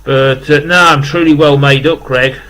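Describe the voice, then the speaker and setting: Brit bloke in his 50s rambling on camera, kinda higher voice, all choked up and grateful. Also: fairly even intonation, normal speed, a bit bright, poor audio. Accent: British English. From England. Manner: rambling, filler-heavy, emotional and grateful. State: close to tears. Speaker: vlogger. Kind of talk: casual unboxing vlog.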